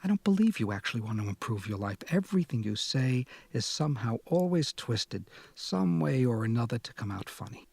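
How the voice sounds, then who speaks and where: A man's voice: medium pitch, sing-song, a little fast, creaky, few pauses, a little mellow, slightly rough, dry recording, heavily acted. A man reading as a blunt, scolding young woman.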